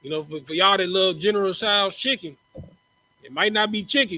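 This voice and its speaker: A man's voice: high voice, brisk, bright, forceful tone, rough recording. A man teaching a class in a casual, slangy, joking way, often repeating words as he starts a line. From Texas. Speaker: teacher in a religious group class. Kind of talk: casual preaching lecture.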